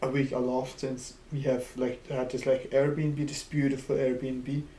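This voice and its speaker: A man co-hosts a casual podcast and tells his story in a relaxed, halting way. His voice stays flat and even, and the room echoes noticeably. A faint noise hums behind him. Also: mid-range voice. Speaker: podcast co-host. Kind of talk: casual chat.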